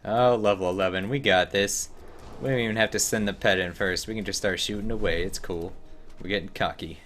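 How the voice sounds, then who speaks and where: Low-voiced man doing wry game commentary. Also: fairly even intonation, brisk, fairly bright tone. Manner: wry, chatty, talks to himself and to characters on screen. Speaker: streamer. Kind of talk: casual gameplay commentary.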